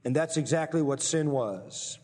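Emphatic preacher in a reverberant hall. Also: male voice, on the high side, a little mellow. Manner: emphatic, slows down to stress key phrases. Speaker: pastor. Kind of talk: sermon.

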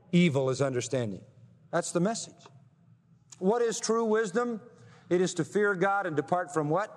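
A man's voice: high-pitched, long reverb tail. A man preaching a sermon, emphatic, often throwing rhetorical questions at his listeners. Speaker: pastor.

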